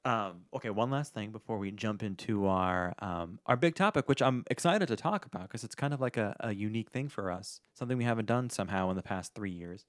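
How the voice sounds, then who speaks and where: A man co-hosting a podcast in casual chat, an animated storyteller who acts out the people he quotes. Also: fairly low pitch, brisk, hardly any pauses, no echo, clean studio sound. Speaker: podcast co-host.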